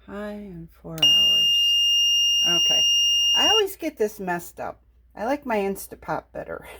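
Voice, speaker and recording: A woman's voice: mid-range voice, wildly swooping pitch, measured pace, very noisy. A woman home cook chatting casually about a stew and telling a story in a homey, rambling way. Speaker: cooking vlogger. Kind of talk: casual cooking chat and storytelling.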